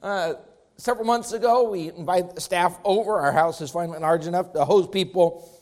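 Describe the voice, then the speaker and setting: A pastor with a strikingly high male voice preaches a sermon at a brisk pace. His emphatic cadence rises and falls in both pitch and volume to hammer his points home.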